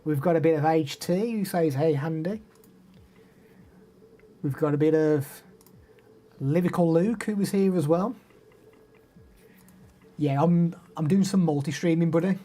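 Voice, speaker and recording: A young man with an English Midlands accent chats his way through a live stream, greeting viewers by name and answering their questions. His voice is dark and mellow with a slightly husky edge. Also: on the high side, unhurried, long pauses. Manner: chatty, reads out viewer names and answers them. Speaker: live streamer demoing microphones. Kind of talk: casual live stream chat.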